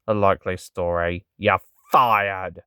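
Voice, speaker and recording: A man's voice: deep voice, steady tone, takes it slowly, sharp tone, smooth, no room sound, clean studio sound, exaggerated voice. A man voicing an accusing boss in a comic strip. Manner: accusing, blunt. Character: jealous bossy male boss.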